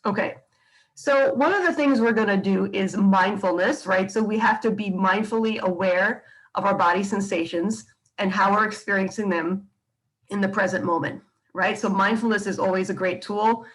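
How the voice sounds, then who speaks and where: A woman's voice: mid-range voice, moderate pace, rough recording. A woman psychologist teaching a video lesson, explaining patiently and often checking in with "right?" and "okay?". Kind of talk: lecture to camera.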